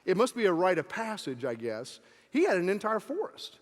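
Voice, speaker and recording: A man giving a motivational talk at a live event, telling a joke in an animated storytelling manner. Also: high-pitched, moderate pace. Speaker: motivational speaker. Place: event hall. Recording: long reverb of an event hall.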